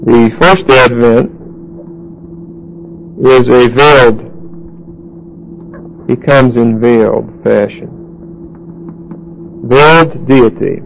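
Gravelly male Bible teacher. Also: medium pitch, slight background noise, poor audio. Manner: halting, with many fillers and restarts, quizzing the class.

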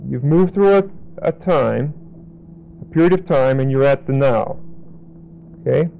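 A man teaching a Bible lesson verse by verse, deliberately repeating and spelling out key words. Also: mid-range voice, creaky. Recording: dull lo-fi recording.

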